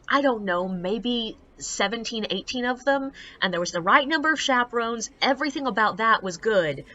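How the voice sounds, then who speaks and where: A woman tells tour-guide stories straight to camera in a loose, chatty way, leaning on fillers. Her voice is bright and forceful, and the recording sounds a little dull and lo-fi. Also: on the high side. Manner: chatty, animated, filler-heavy. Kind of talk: casual storytelling to camera.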